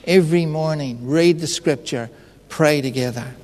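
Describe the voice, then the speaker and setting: A man's voice: fairly high pitch, moderate pace, a little mellow. A man preaching a sermon in an earnest, personal storytelling manner. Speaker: pastor. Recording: echoey hall reverb.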